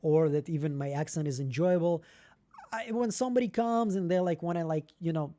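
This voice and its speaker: Rambling and candid, this young host chats casually on a live stream in non-native-accented English. He speaks a little fast, with a fairly high voice that has a dark tone.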